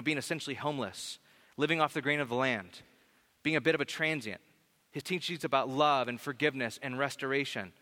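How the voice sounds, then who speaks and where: A man preaching a sermon in a church, conversational and direct, slowing down on key lines for emphasis. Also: on the high side, bright, forceful tone. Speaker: pastor. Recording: reverberant church hall.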